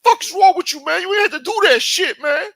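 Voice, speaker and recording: Guy putting on a squeaky freaked-out young robber, yelling. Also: fairly quick, vocal fry, no room sound, clean studio sound, exaggerated voice. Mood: angry. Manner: shouting, angry. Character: panicked young male street robber, high and frantic.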